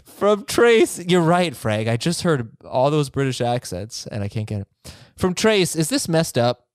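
A man's voice: fairly high pitch, measured pace, smooth, no echo, clean studio sound. A man hosting a casual podcast, joking and laughing as he reads listener emails aloud. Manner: animated, joking, laughs while reading. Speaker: podcast host.

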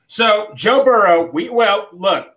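Rambling man, fairly high voice. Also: lively intonation, a bit bright. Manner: rambling, halting with many restarts. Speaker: podcast host. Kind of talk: casual sports chat.

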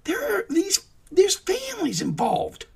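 A man putting on a shrill, high falsetto voice as a mock outraged protester, strained and indignant. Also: wildly swooping pitch, measured pace, gravelly, a little mellow, heavily acted. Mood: mock outrage.

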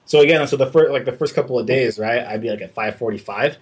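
With a mid-range, breathy-edged voice and a fast pace, a young man chats casually about working abroad. The speaker, an artist, is animated, swears a lot, and dramatizes the quoted dialogue.

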